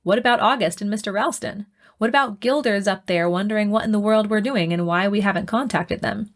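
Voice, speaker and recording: A woman voicing a blunt, stubborn young male pilot who answers quickly, in an audiobook. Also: mid-range voice, close to an everyday voice.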